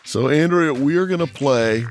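A man's voice: fairly high pitch, moderate pace, faint music behind. A man hosting a podcast, running a guessing game with wry, joking game-show patter. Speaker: podcast host. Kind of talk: casual podcast chat.

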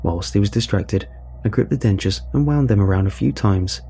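A man narrating a first-person story in a measured, dry way. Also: on the low side, warm tone, a little hiss or hum.

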